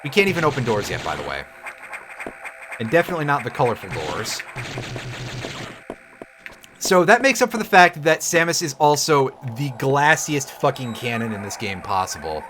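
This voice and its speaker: A man's voice: mid-range voice, very animated, moderate pace, long pauses, noisy background. A man streaming a game, giving casual, sarcastic commentary with swearing and jokes. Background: game music.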